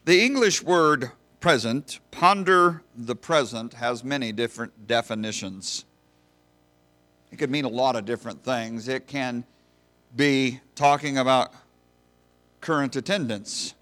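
A man's voice: medium pitch, unhurried, bright, forceful tone. A man preaching a sermon to a congregation in a folksy, storytelling manner. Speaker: pastor.

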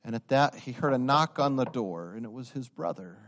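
A young man preaching a sermon, telling stories and building to loud, emphatic insistence. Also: mid-range voice, animated, a little fast. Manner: storytelling, swelling to emphatic raised-voice insistence.

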